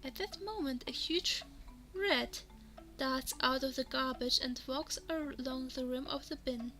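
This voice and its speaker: Woman narrator for a fantasy text game, high voice, second-person reading, music bed underneath. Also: unhurried, sharp tone. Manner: reads in second person, sometimes drops to a whisper. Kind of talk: reading a text adventure aloud. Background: background music.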